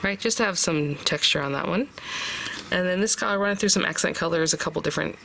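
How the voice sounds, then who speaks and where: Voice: medium pitch, fast, vocal fry, sharp tone, a little hiss or hum. A craft tutorial host talking casually step by step and thinking aloud while working.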